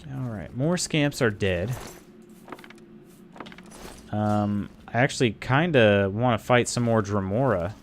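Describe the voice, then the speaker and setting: A man's voice: on the low side, slow pace, long pauses, a little hiss or hum. Chatty male gaming streamer. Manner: chatty, thinks aloud, talks to viewers. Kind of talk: casual live gameplay commentary.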